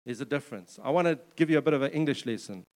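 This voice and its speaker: A man's voice: medium pitch, expressive, rapid-fire, a little mellow, in a large hall. A man preaching a sermon in a conversational way, with joking asides and repeated words. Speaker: pastor.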